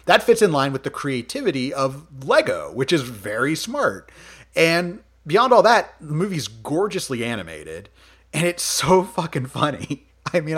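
A man hosting a podcast, chatting casually about movies, animated, laughing often and swearing freely. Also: on the high side. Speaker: podcast host.

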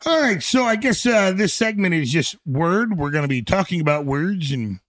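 A man's voice: high-pitched, sing-song, normal speed, no echo, studio quality. A man co-hosting an indie music show, chatting casually and playfully, joking and sometimes tripping over words. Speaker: show co-host. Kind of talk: casual radio show chat.

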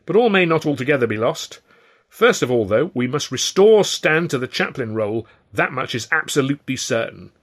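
A man's voice: mid-range voice, sing-song, normal speed, fairly bright tone, voice pushed up. A man voicing a pompous, indignant male vaudeville agent with a haughty, theatrical manner. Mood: scornful.

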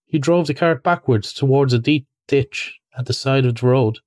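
A man's voice: mid-range voice, a little mellow, no room sound. Man reading a storybook, dry close sound. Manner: measured storybook narration with small restarts. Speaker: reader. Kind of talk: reading a children's classic aloud.

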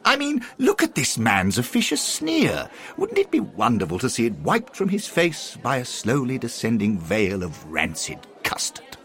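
A man voicing a boisterous, mocking old gentleman who founded a football club, in a loud, high, cackling voice. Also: huge pitch swings, moderate pace, few pauses, soft background music. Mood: gleeful.

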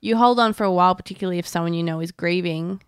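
A young woman co-hosting a casual podcast chat, talkative and quick to laugh. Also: fairly low pitch, smooth, no room sound, clean studio sound. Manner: chatty, laughs often, acts out quotes. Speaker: podcast co-host.

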